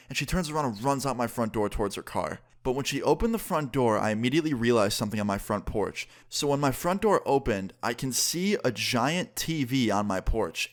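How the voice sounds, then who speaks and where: A young man casually telling a story to his viewers, full of "like" and quoted back-and-forth. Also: medium pitch. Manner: casual, filler-heavy retelling with lots of "like". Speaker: YouTuber telling a story time.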